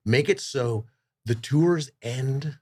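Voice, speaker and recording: A man's voice: medium pitch, takes it slowly, darkish tone, slightly rough. A man as a podcast guest, telling rambling, enthusiastic stories in casual chat, swearing freely. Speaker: podcast guest, rock singer.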